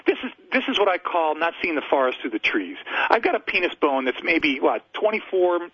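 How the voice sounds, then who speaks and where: An excitable man tells wild animal stories as a radio guest, talking fast with big swoops in pitch. His voice is a bit husky and sits dry and close, with a dull, muffled lo-fi edge from the broadcast line. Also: no echo. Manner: excitable, emphatic storyteller with big pitch jumps. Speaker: zoo spokesperson and guest. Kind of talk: animated storytelling on a radio call-in.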